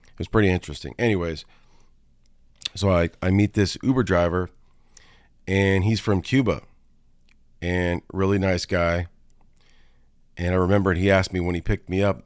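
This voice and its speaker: A very low-pitched man from Florida talks through a loose, digressive story for his movie podcast. He restarts sentences often and drops casual swears as he goes. The sound is dry and close, with no room echo. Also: steady tone, normal speed, pauses often, smooth. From Florida, USA. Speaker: podcast host, film reviewer. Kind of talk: casual rambling monologue.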